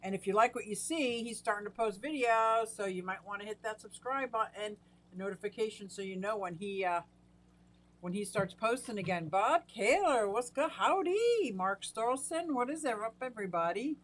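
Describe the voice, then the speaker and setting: A woman's voice: mid-range voice, lively intonation, normal speed. A middle-aged woman hosting a casual live stream from her fish room at home, chatting away and greeting viewers by name. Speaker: aquarium hobbyist live-stream host.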